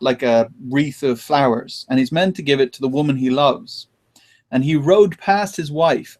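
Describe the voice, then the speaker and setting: A man hosting a podcast, chatting casually and retelling things with animated laughter. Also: medium pitch. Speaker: podcast host. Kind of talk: casual chat.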